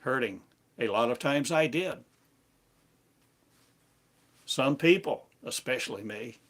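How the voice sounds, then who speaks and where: A man giving a slow, meditative sermon in halting, repetitive phrases, like an incantation. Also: medium pitch, lively intonation. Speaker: spiritual teacher.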